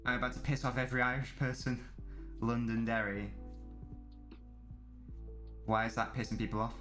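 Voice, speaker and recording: A man's voice: medium pitch, fairly even intonation, normal speed, over music. A young man casually commenting on a football match on a live stream, rambling and answering his chat. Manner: chatty, rambling, laughs at his own jokes.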